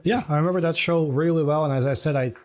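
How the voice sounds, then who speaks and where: A man's voice: fairly high pitch, fast, darkish tone. A man co-hosting a comedy podcast, rambling and teasing in casual chat. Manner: rambling, full of "like" fillers, teasing.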